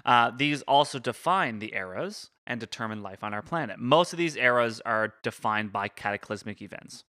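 A man co-hosting a podcast walks through a topic step by step in casual chat, often stumbling over big words and stopping to correct his pronunciation. His mid-range voice is expressive, bright and forceful at a moderate pace, in clean studio sound with no room sound.

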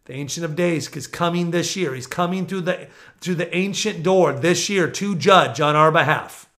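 Man, preacher, fervent sermon, high-pitched voice, loud-to-hushed swings. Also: moderate pace.

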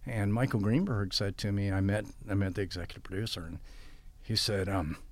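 A man's voice: on the low side, steady tone, fairly quick, no echo. An older man telling long stories in an interview and acting out quoted dialogue as he goes. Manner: rambling anecdotes with quoted dialogue. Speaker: guest. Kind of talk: storytelling interview.

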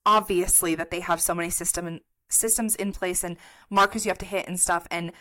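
A woman's voice: fairly low pitch, steady tone, a little fast, pushed and bright. A young woman co-hosting a podcast, casual and supportive, speaking reflectively about her experience. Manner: supportive, reflective, many "mm-hmm"s. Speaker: podcast co-host. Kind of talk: casual chat.

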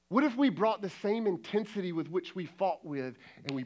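A man's voice: sits high, lively intonation, fairly quick, fairly bright tone. A man who is a lead pastor, preaching a sermon in a conversational way and often asking rhetorical questions. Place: church service.

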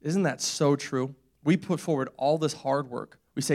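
A man's voice: fairly high pitch, fairly even intonation, moderate pace, hardly any pauses, darkish tone. A young man preaching a casual, conversational sermon in a church, repeating phrases and laughing often.

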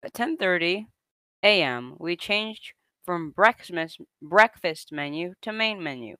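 A man's voice: high voice, expressive, takes it slowly, bright, forceful tone, clean tone, no echo. A young man casually reading an online story aloud to a co-host, often breaking into laughter as he reads.

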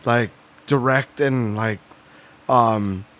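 A man's voice: mid-range voice, very slow, a bit bright. A man co-hosting a podcast in casual chat, rambling and swearing, often laughing. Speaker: podcast co-host.

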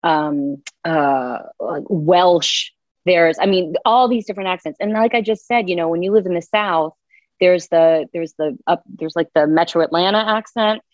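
A woman's voice: fairly low pitch, normal speed, no room sound. A woman, an audiobook narrator, chatting expressively as a guest and laughing easily. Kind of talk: casual interview chat. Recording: dull dry lo-fi sound.

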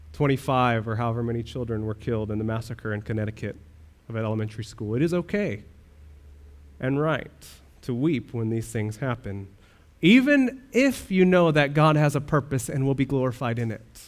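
Male pastor, mid pitch, earnest sermon delivery with emphatic questions. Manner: earnest preaching with rhetorical questions and swells of emphasis.

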